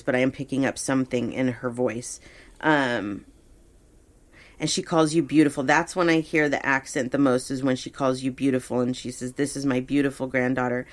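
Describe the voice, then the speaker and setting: Low-voiced woman hosting a reading. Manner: hesitant, relaxed, many fillers. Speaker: host and psychic medium. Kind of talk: casual podcast reading.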